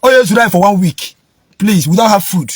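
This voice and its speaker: A man's voice: sits high, animated, normal speed, breathy edge, dry recording. A man with a Nigerian Igbo accent, stammering and repeating himself as he pleads for help and then preaches. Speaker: social media speaker begging for help, then preaching.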